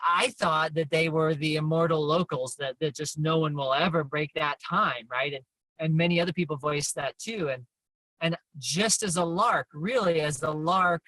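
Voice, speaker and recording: A man's voice: on the high side, bright, forceful tone, no room sound, rough recording. A man in his fifties chatting casually as an interview guest, telling stories in a chatty, self-deprecating way. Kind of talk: casual chat.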